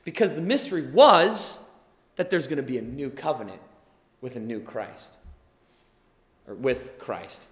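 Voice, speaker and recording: Earnest young preacher in an echoey hall. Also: male voice, mid-range voice, animated, a little slow, pauses often. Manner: earnest, explanatory, builds to emphatic bursts. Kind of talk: sermon. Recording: echoey hall with long reverb.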